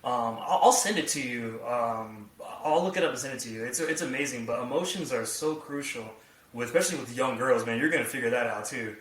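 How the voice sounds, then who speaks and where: A man's voice: medium pitch, fairly quick, a bit bright. A man co-hosting a podcast in casual chat, rambling with many fillers. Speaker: podcast co-host and youth coach. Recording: echoey room, distant from the mic.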